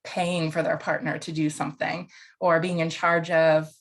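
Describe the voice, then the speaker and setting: A woman's voice: deep voice, little pitch movement, normal speed. A woman counselor educator giving an online lecture in a casual, conversational way, with fillers and asides.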